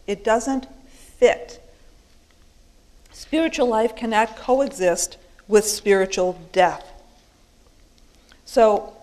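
A woman's voice: mid-range voice, a little mellow, low-quality recording. A woman teaching a Bible study class, explaining a passage verse by verse with emphatic asides, fillers and restarts.

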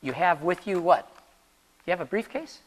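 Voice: medium pitch, animated, normal speed. An instructor giving a class practical interview advice in a chatty, joking way, often asking the room questions. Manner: jokey, laughs at own jokes. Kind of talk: classroom talk on job interviews.

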